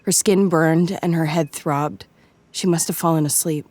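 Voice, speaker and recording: A woman giving measured, scripted audiobook narration. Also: low-pitched, steady tone, a little mellow.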